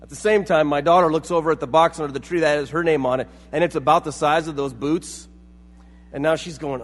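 High-voiced man preaching in a reverberant hall. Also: fairly even intonation, fairly quick. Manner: storytelling with acted-out quotes. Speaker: pastor. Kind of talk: sermon.

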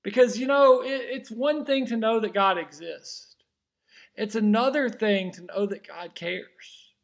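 A man preaching a sermon, earnest and searching, often restarting his words, swinging between loud emphatic cries and soft, slow passages. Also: high voice. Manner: frequent restarts and repeated words. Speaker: pastor.

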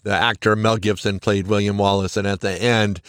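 A man's voice: lowish voice, little pitch movement. A man hosting his own podcast in an upbeat, chatty monologue, laughing at himself and correcting his slips. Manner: upbeat, chatty, quick shout-outs. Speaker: podcast host.

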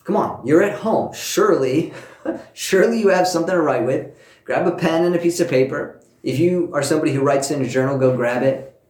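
A man preaching a sermon, telling a personal story with warmth and earnest emphasis, speaking to listeners at home. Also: on the high side, brisk, echoey room. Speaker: pastor.

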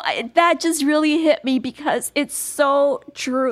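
A woman co-hosting a podcast, talking in an effusive, openly emotional way and quick to agree with her partner. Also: high-pitched. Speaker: podcast co-host. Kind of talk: casual conversational podcast chat.

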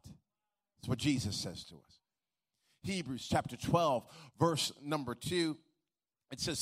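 A pastor delivering a sermon, repeating key phrases and asking the congregation to answer back. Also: male voice, medium pitch, measured pace, fairly bright tone, slightly rough. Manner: emphatic preaching with varied pace.

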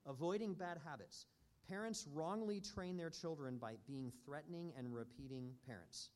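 A man teaching a church parenting class in an earnest, measured way with frequent pauses. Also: a little high, darkish tone.

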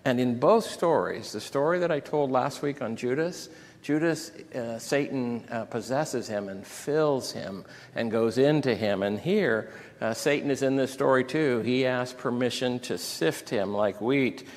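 A man pastor preaching a sermon, retelling scripture and a personal story with deep emotion. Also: unhurried. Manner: emotional storytelling, reads scripture aloud with rising intensity. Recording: long hall reverb.

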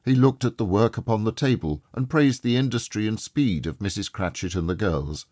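A man reads an audiobook in a low, husky voice, measured and expressive. The recording is dry and close. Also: no room sound. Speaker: narrator. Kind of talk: scripted audiobook narration.

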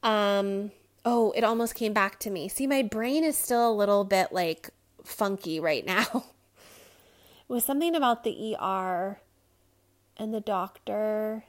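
A woman's voice: medium pitch, a little slow. Candid rambling woman podcaster. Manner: candid, rambling, self-talk with frequent fillers and laughs. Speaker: podcast host. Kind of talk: casual personal monologue.

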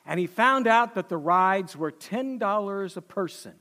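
High-voiced folksy preacher man. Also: expressive, measured pace, pushed and bright. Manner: folksy storytelling preacher, emphatic. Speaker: pastor. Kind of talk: sermon.

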